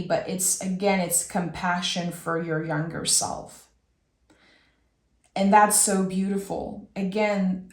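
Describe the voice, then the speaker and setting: A woman in the middle of a tarot reading, speaking softly and slowly, and letting her phrases stretch out with feeling. Her voice sits at an ordinary pitch. It carries a noticeable echo from the room around her. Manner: slow, soft and emotional, with drawn-out phrases. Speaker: tarot reader.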